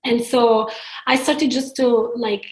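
A woman with an Italian accent speaks in a somewhat high voice, reflective and earnest, often backing up to restart a thought. Her voice carries a roomy echo around it. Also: fairly even intonation, slow pace. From Italy. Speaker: podcast guest, spiritual counselor. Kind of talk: casual interview talk. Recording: echoey room.

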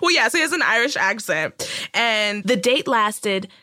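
A woman's voice: a little high, big pitch swings, normal speed, pushed and bright, no echo, studio quality. A woman hosting a podcast, telling a story in brash, profane, comedic chat. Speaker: podcast host.

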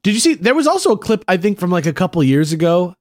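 Man, slightly high pitch, rambling casual podcast chat, many fillers. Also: big pitch swings, quick pace, darkish tone. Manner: rambling, repeats himself with lots of fillers.

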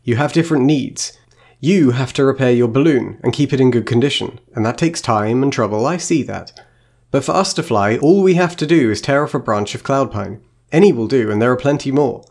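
A man reading as a calm, ancient witch queen. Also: medium pitch, brisk, gravelly, few pauses. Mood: calm, explaining. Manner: plain reading, no put-on accent. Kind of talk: reading aloud from a novel.

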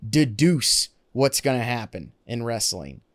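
Lively male co-host, dry sound. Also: medium pitch, measured pace, dry recording. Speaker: podcast co-host. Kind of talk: casual wrestling chat.

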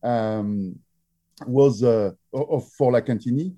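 A man with a French accent telling stories in an interview, often pausing with fillers and restarting his sentences. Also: mid-range voice, warm tone, highs cut off, a little hiss or hum. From France. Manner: halting, many fillers and restarts. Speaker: drinks brand founder. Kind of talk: interview storytelling.

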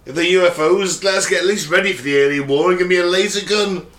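Joking man, bright echoey voice. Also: high voice, quick pace. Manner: jokey, riffs on wild theories. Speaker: podcast co-host. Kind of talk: casual banter. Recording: echoey room.

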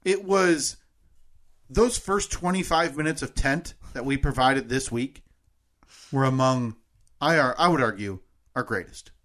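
A man's voice: mid-range voice, unhurried, a bit bright. A man co-hosting a podcast in casual chat, earnest and self-deprecating. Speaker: podcast co-host.

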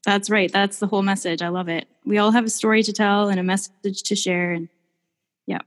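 A woman artist telling warm, gushing stories in a casual podcast chat, with many restarts. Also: medium pitch, fairly even intonation, brisk. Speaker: painter, podcast guest. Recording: long hall reverb.

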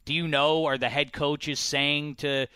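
A man hosting a sports talk show, debating football with animated, pointed questions. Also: unhurried, clean tone, no echo. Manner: animated, pointed questioning, jumps in pitch when pressing a point.

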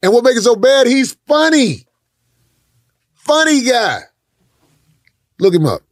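A man in casual conversation, telling stories in a laid-back, animated way. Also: extremely high pitch, slow pace, no echo, studio quality. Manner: laid-back storyteller, animated, laughs into his words. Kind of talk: casual chat, storytelling.

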